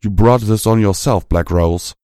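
A man's voice: on the low side, moderate pace, warm tone, clear, resonant tone, no echo, studio quality, close to an everyday voice. A man voicing a fiery, blunt farm pony mare who speaks in a brash, pushy way. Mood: agitated.

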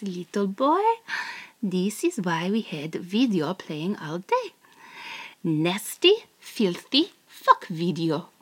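A woman's voice: medium pitch, a bit bright, husky, exaggerated voice. A woman putting on a mocking whispering captor. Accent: put-on foreign accent. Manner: taunting, mostly whispered. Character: mocking, domineering female spy captor. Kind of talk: whispered role-play.

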